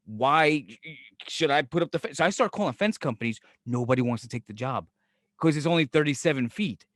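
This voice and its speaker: New york guy on a podcast, kinda high voice, acts out all the quotes, swears a lot, dry close mic. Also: a little fast, no room sound. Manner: animated storyteller, acts out quotes, profane, laughs often. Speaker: podcast co-host. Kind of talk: casual podcast banter.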